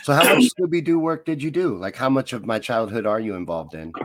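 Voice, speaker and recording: A man hosting a show, asking relaxed, curious questions. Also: mid-range voice, fairly quick, no echo. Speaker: show host. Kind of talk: casual interview.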